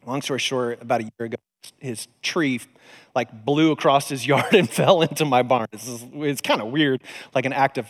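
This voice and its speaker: A man's voice: medium pitch, normal speed. A man preaching in a conversational, storytelling way, acting out the voices in his stories. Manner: animated, conversational, acts out voices in quotes. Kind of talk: storytelling sermon. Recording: long hall reverb.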